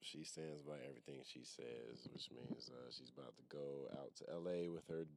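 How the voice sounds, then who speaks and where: Podcast host, man, very low voice, loose and casual, lots of ums. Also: normal speed, creaky, noisy background. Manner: relaxed, loose, swears casually, trails off with ums.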